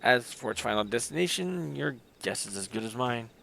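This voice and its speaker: Gravelly-voiced male game streamer. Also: mid-range voice, lively intonation, background noise. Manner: quick, friendly asides to chat. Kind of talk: live gameplay narration.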